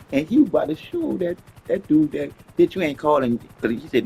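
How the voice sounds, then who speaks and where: A man's voice: a little high, lively intonation, fairly quick, few pauses, mellow, breathy edge, poor audio. A man casually retelling a story with lots of repeated words and swearing.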